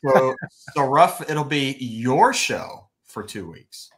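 A man's voice: medium pitch, lively intonation, slow, fairly bright tone. A man chiming in on a casual live stream with short remarks.

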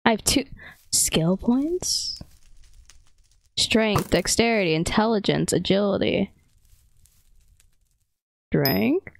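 Giggly young woman gaming, lively pitch. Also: slow pace, creaky, long pauses, a little hiss or hum, rough recording. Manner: giggly, playful, self-mocking. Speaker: gamer. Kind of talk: casual gameplay commentary.

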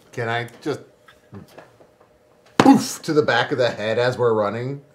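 A man playing a tabletop game, pausing with fillers as he decides his moves, over a noisy microphone. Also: mid-range voice, sing-song. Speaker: player. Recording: noticeable noise on mic.

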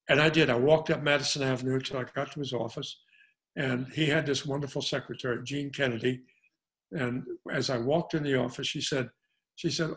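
A man's voice: mid-range voice, normal speed. An older man from Arkansas, a guest actor in an interview, telling long anecdotes and acting out the lines of the people in them. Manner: animated storyteller, acts out quoted dialogue.

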